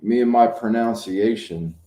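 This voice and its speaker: Male, 50s, channel host: dark, mellow voice, loose rambling chat, roomy echo. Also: fairly low pitch, unhurried. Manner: rambling, anecdotal storytelling. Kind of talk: casual chat. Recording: echoey room.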